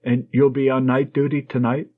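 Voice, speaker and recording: A man reading an audiobook, voicing a wounded young American soldier in love with plain, earnest, short replies in a husky voice, on a dull lo-fi recording. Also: mid-range voice, little pitch movement, moderate pace, close to an everyday voice.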